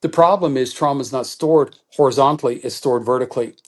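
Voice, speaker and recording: A middle-aged man as a guest expert in an interview, explaining in an animated teaching manner and acting out quoted thoughts. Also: mid-range voice, fast.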